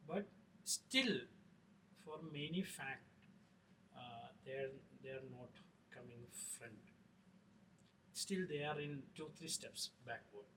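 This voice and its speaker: A middle-aged man, a film director talking in an interview, halting with many fillers and restarts. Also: medium pitch, bright, forceful tone. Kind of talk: casual interview talk. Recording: distant mic with faint noise.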